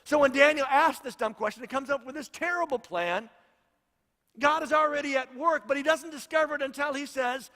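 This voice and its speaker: A man's voice: very high-pitched, a little fast, sharp tone, long reverb tail. A man, a pastor, preaching a sermon in a storytelling way and repeating his points for emphasis.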